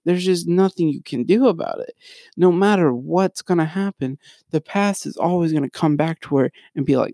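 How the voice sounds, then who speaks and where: Clean studio sound with no room sound carries a young man's slightly high, gravelly, mellow voice. Co-hosting a podcast at normal speed with lively intonation, he delivers casual ranting commentary, rambling, frequently restarting sentences and drifting off on tangents.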